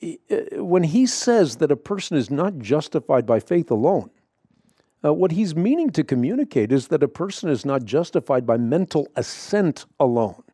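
Deep-toned man teaching on radio. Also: big pitch swings, warm tone, husky, dry recording, clean studio sound. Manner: measured, emphatic, with frequent fillers and restarts. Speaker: radio show host answering Bible questions.

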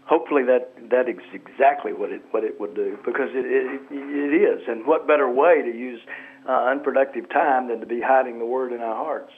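A man's voice: medium pitch, a little fast, slightly rough. A man who is an author and pastor, talking as a guest in a radio interview with an emphatic, preacher-like cadence. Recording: tinny phone line.

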